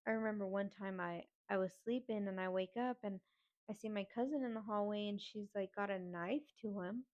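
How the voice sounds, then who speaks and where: Woman, podcast host, candid storytelling, swears freely, middle pitch, muffled lo-fi sound. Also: a little fast, darkish tone. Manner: candid, profane, conversational. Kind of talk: personal storytelling. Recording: slightly dull lo-fi audio.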